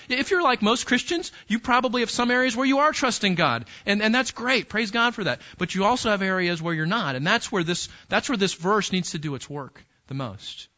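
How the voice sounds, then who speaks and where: Bright high-voiced male preacher. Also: muffled recording. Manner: emphatic teaching with repetitions and restarts; addresses the congregation directly. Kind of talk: sermon.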